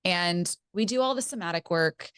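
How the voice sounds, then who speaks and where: A woman hosting a podcast as a relationship coach, speaking in an earnest, measured way and often affirming her guest. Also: on the low side, a bit bright, clear, resonant tone. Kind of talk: casual podcast conversation.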